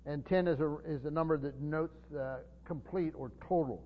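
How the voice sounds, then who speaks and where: In a hall with dull, lingering reverb, a man preaches a Bible sermon at a moderate pace in a slightly high voice. He explains things earnestly, often stumbling into fillers and starting over.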